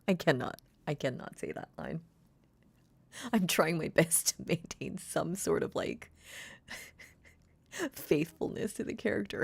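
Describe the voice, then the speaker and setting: A woman's voice: low voice, gravelly, no room sound. A woman voice actor giving casual behind-the-scenes comments, frank and self-mocking, swearing a lot.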